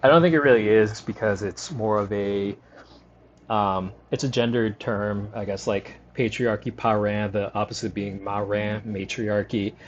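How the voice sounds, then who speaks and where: Rambling low-voiced man streaming a game. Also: measured pace, dull audio. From New Orleans area, Louisiana. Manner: rambling, lots of fillers, relaxed. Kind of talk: casual commentary over gameplay.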